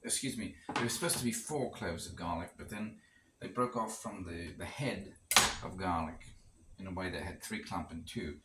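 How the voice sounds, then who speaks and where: A cooking vlogger chats casually while cooking in a rental kitchen with a gas stove, rambling with wry asides. His voice is deep at normal speed, and the roomy, distant-mic recording is noisy, with a pot boiling on the stove.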